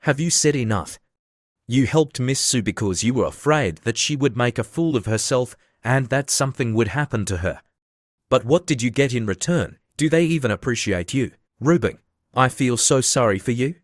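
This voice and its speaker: A man's voice: medium pitch, lively intonation, moderate pace, no room sound, clean studio sound, close to an everyday voice. A man doing a brash, scheming young man. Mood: agitated.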